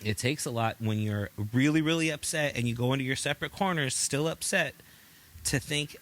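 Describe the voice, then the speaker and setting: A man's voice: mid-range voice, fairly quick, fairly bright tone. A man in his thirties co-hosting a casual podcast, giving earnest relationship advice and acting out talks with his wife. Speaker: podcast co-host.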